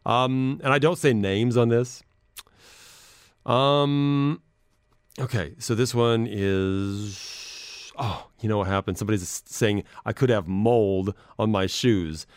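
A man's voice: on the low side, slow, no echo, studio quality. A man hosting a podcast in casual chat, rambling and self-deprecating as he reads messages aloud. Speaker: podcast host.

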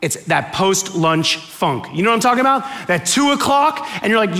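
A man from Miami preaching to a church audience, joking and acting out bits of dialogue in an animated way. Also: high-pitched, normal speed, hardly any pauses. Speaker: guest preacher. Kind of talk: sermon with comic storytelling. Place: church auditorium with live audience.

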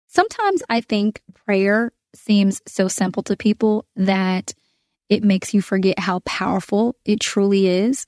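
A woman's voice: mid-range voice, unhurried, a little mellow, no room sound, studio quality. A woman hosting a prayer podcast, speaking earnestly and from the heart, with some fillers and restarts. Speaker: podcast host. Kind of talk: prayer podcast, spoken prayer and reflection.

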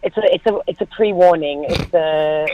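A man's voice: on the high side, moderate pace, dull audio, slight background noise. A man calling in to a radio show, wry and knowing. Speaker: caller. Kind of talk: call-in phone chat.

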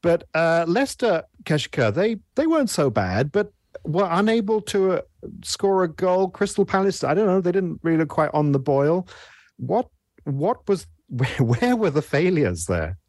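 A man's voice: fairly high pitch, big pitch swings, moderate pace, darkish tone, dry recording, clean studio sound. A man hosting a football panel show, jokey and playful as he moves between matches. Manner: jokey, playful, laughs often. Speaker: show host.

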